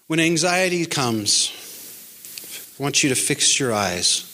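A man's voice: a little high, expressive, takes it slowly, pushed and bright. A man delivering an earnest, encouraging sermon as a pastor, quoting scripture along the way. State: pandemic-era address.

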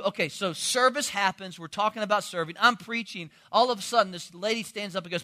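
Bright, high-voiced male pastor preaching. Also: a little fast, few pauses. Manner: animated storytelling, impersonates congregants. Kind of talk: sermon.

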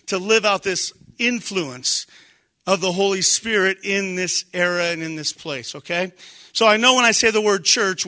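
Lively, bright-voiced male pastor preaching. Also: high-pitched. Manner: conversational, animated, shouts for emphasis. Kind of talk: sermon.

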